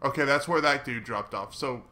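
A man chats his way through a video game, half to himself and half to his viewers. His voice is bright and forceful at an ordinary pitch, and he mocks his own mistakes before swearing loudly when something catches him off guard. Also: moderate pace. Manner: chatty, self-mocking, bursts of excited swearing. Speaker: gaming let's player. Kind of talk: casual gameplay commentary.

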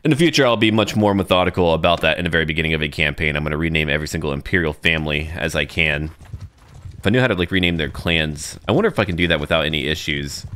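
A man's voice: extremely low pitch, racing, pushed and bright. A man giving casual let's-play commentary, thinking aloud and talking to his troops as he plays. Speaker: gaming YouTuber.

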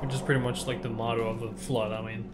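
Frustrated and self-mocking, a young man swears and laughs through a blind playthrough, game music underneath his commentary. His medium-pitched voice comes out flat and fast.

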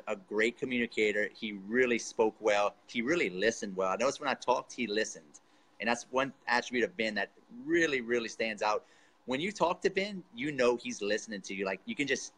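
A man's voice: fairly low pitch, a bit bright, poor audio. A man coaching a student in a casual interview, enthusiastic and encouraging, full of slangy praise. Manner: enthusiastic, encouraging, says dude and man a lot. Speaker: real estate coach.

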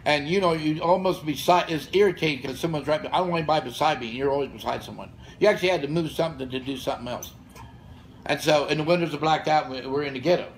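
A man's voice: fairly high pitch, racing, slight background noise, poor audio. A man in his sixties telling blunt, profane stories in casual podcast talk as the show's guest. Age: 60s. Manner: blunt, profane, fired-up storytelling. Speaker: podcast guest and gym founder. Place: gym or studio with room ambience.

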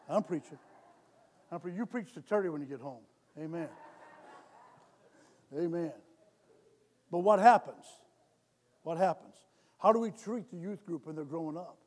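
A man with a notably high voice delivers a sermon in a church, circling back on his phrases and asking the room for amens. He starts conversational, then drives his points home louder and harder. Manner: repetitive, calls for amens, builds to loud exhortation. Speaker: lay preacher. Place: church sanctuary.

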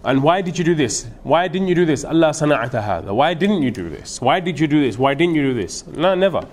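A man's voice: a little high, very animated, brisk. A man giving an earnest, emphatic sermon-style lecture as a madrasa teacher, mixing in Urdu and Arabic phrases. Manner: earnest, emphatic, switches between English and Urdu with Arabic quotations.

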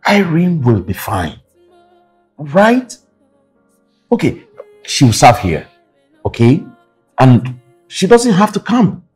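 An actor with a Nigerian accent playing a calm, reassuring doctor who is also the girl's uncle, talking with hesitant restarts. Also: a little high, husky, full character voice. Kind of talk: film drama acting.

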